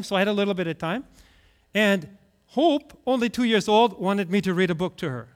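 A middle-aged male pastor preaching a sermon, telling stories with lively acted-out voices. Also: high voice. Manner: animated storytelling, acting out voices.

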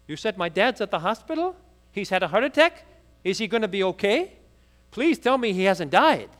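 A woman's voice: mid-range voice, very animated, normal speed, long reverb tail, natural voice. A man preacher voicing a young woman who pleads and grows more upset as she hears her estranged father is in hospital. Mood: frantic. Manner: pleading, rising to near shouting.

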